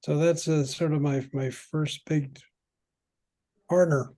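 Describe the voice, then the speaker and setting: Older man telling long stories, mellow voice. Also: on the high side, fairly even intonation. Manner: halting, many restarts while recalling. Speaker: guest, veteran padel player. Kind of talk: rambling anecdotal storytelling.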